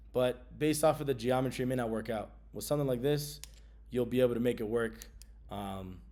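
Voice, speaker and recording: In a casual, slangy travel-gear vlog, a man fills his talk with ums and occasional bursts of excitement. He speaks in a mid-range voice.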